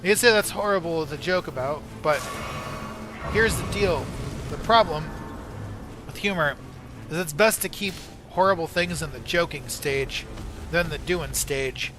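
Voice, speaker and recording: A man's voice: on the high side, measured pace. A man streaming a video game, ranting and arguing in casual, profanity-laced commentary. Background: game music.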